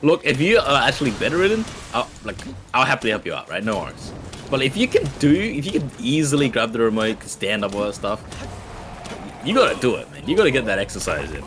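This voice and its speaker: A young Australian man, a nurse, chatting while gaming and telling animated stories with lots of laughter. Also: medium pitch, fast, over music. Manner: animated storyteller, laughs often, voices quoted people. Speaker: nurse, guest player. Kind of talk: casual gaming chat storytelling.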